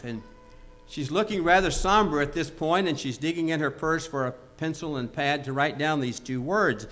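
A man's voice: a little high, normal speed, fairly bright tone. A man preaching a sermon, telling a joke story with quoted dialogue before moving into emphatic exhortation. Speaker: pastor.

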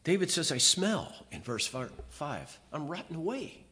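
A male pastor preaching a sermon, reading scripture with feeling and swinging between loud emphatic lines and quiet, hushed confessions. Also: fairly high pitch, very animated, unhurried. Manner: reads scripture aloud with feeling.

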